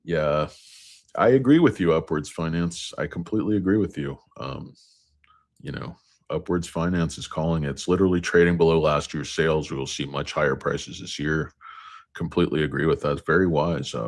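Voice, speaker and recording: A man hosts a casual stock market livestream and reads viewer comments out loud. His voice is exceptionally deep and low. He rambles, cracks jokes at his own expense, and drifts between topics. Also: brisk. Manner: rambling, joking, self-mocking.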